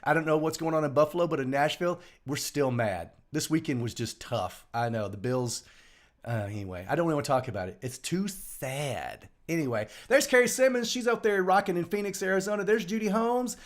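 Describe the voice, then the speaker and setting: A man's voice: on the high side, lively intonation. A middle-aged man, hosting a live home stream in a rambling, joking way. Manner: joking, rambling, quick swings between loud bursts and quiet asides. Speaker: host of a daily live show. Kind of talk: casual live-stream chat. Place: home room. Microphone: live stream over home internet.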